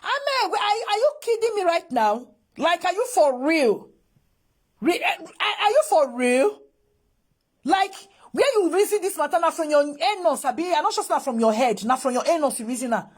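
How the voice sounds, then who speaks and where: Nigerian woman commentator, very high and animated, exasperated ranting, Pidgin-English mix. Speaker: social media commentator. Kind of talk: reaction commentary.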